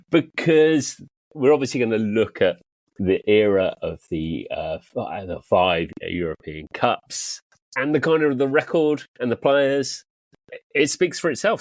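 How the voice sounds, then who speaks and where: Chatty male host, laughs a lot, animated delivery, dry mic. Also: no echo. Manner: chatty, laughs often, lively rises and drops in pitch. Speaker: podcast host. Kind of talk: casual chat.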